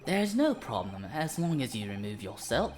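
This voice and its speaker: A woman voicing a haughty upper-class English gentleman with a put-on posh accent, clipped and condescending. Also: very deep voice, sing-song, moderate pace, faint music behind.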